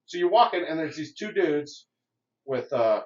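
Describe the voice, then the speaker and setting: A man, a podcast guest, telling stories in casual chat, animated and swearing freely. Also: fairly high pitch, normal speed, far from the mic. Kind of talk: casual storytelling. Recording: dull lo-fi audio, set back from the mic.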